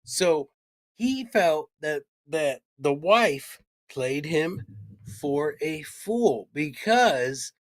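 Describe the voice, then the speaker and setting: A man's voice: fairly high pitch, animated, very slow, dry recording. A man co-hosting a podcast, retelling a crime story in a casual style with irreverent, crude jokes. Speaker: podcast co-host. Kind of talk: casual comedic true-crime chat.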